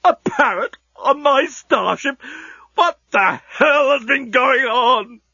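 A man's voice: sing-song, moderate pace, pushed and bright, husky, dry recording, highs cut off, full character voice. A man voicing an elderly male genius inventor, vain and outraged, who screams and sobs. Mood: sobbing. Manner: screaming, sobbing, pitch jumping high.

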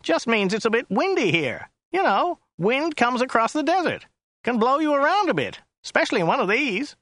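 Grumbly, whiny American driver in a storybook reading, pitched well up, voiced by a male narrator. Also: very animated, normal speed, fairly bright tone, dry recording, studio quality, exaggerated voice. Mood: flummoxed. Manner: whiny, contemptuous, matter-of-fact. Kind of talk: audiobook character voice.

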